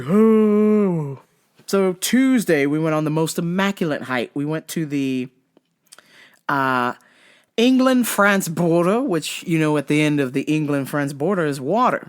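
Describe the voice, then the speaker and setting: Profane rambling man. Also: fairly high pitch. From United States. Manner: profane, rambling, many fillers and restarts. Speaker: podcast host. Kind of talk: casual travel-recap monologue.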